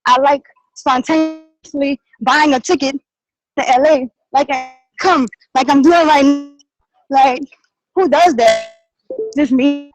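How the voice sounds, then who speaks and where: A woman, out of breath, sharing an excited, rambling, heartfelt testimonial on a group call. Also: sits high, takes it slowly, pauses often, music in the background, low-quality recording. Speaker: team member sharing on a call. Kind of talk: casual testimonial share.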